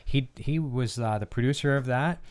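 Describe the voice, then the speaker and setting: A man's voice: mid-range voice, moderate pace, clear, resonant tone. A man hosting a casual live-stream chat with his son, talking loosely and filling gaps with ums and uhs. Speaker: channel host and father.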